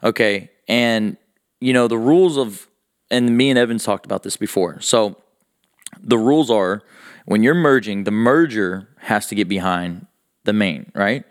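A man, a podcast co-host telling a profane, animated story in casual chat. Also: lowish voice, measured pace, dry recording, clean studio sound.

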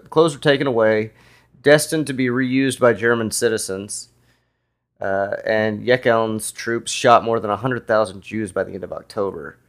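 A man co-hosting a podcast, reading history aloud at an easygoing, relaxed pace. His delivery is casual and full of fillers. His voice sits at an ordinary middle pitch for a man. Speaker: podcast co-host.

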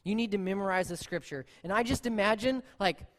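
Animated pastor in a reverberant hall. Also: mid-range voice, fairly quick. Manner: conversational, animated, acts out quotes. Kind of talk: sermon. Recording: long reverb in a large hall.

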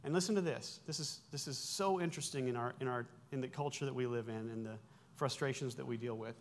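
A man's voice: mid-range voice, fast, slight background noise. Give me a man in his forties preaching a conversational sermon with wry asides. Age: 40s. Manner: explanatory and conversational, with self-corrections and wry asides. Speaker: pastor.

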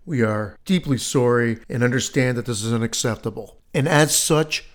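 A man giving a podcast announcement in a deadpan, mock-serious way. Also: medium pitch, normal speed. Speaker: podcast host.

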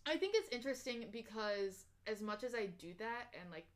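An animated young woman with a fairly high voice co-hosts a podcast at normal speed. Chatting casually, she reads personality test results aloud with fillers and restarts, and she laughs easily.

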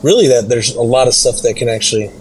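A man's voice: medium pitch, quick pace, a little hiss or hum, low-quality recording. A young man in a casual podcast chat, easygoing and explaining things with lots of fillers. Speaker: podcast co-host.

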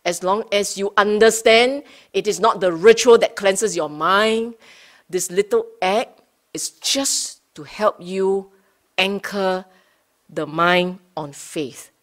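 A woman teaching Buddhist Dhamma to a study group, unhurried, rephrasing her points and often checking in with her listeners. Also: medium pitch. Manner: rephrases and repeats points for emphasis.

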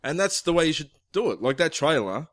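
A man's voice: a little high, sing-song, fairly bright tone, no room sound. Man, podcast co-host, casual banter, swears a lot, dry close mic. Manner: joking, swears freely, quick asides. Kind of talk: casual chat.

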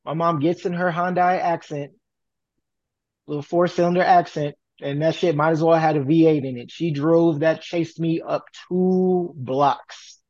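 Male podcast co-host, slightly higher voice, lively profane storyteller, dry muffled sound. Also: measured pace, no room sound. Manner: animated, profane, acts out quoted voices. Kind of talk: casual storytelling.

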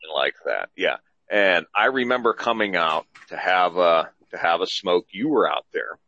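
A man's voice: sits low, animated, normal speed, sharp tone, no room sound, lo-fi sound. A man hosting a casual podcast, rambling and repeating himself as he goes. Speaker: podcast host.

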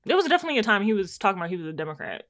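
A woman's voice: mid-range voice, big pitch swings, very fast, fairly bright tone. A young woman, joking and laughing often. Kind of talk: casual podcast chat.

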